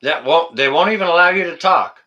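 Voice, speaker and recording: Male livestream host, a little high-pitched, bright tone, indignant casual ranting. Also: fairly quick, lo-fi sound. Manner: animated, talks to chat viewers by name; indignant, rants and repeats phrases.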